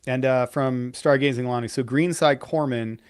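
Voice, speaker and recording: A man's voice: mid-range voice, fairly even intonation, normal speed, clean tone. A man in his forties, a veteran pararescueman co-hosting a live stream, giving blunt, profane career advice in a casual storytelling way. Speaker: podcast co-host, veteran pararescueman.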